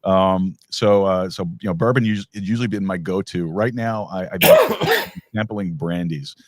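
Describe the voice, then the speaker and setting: Low-voiced, rambling male podcast host. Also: fairly even intonation, normal speed, no echo, studio quality. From New York. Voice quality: rambling, many restarts and fillers. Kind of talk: casual conversation.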